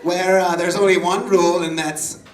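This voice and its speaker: A man's voice: high voice, little pitch movement, normal speed, distant mic, crowd noise. A male comedian doing a flamboyant, campy nightclub-owner bit in a comic debate at a pub. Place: pub stage with a live audience. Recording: roomy live recording from off-mic, audience noise.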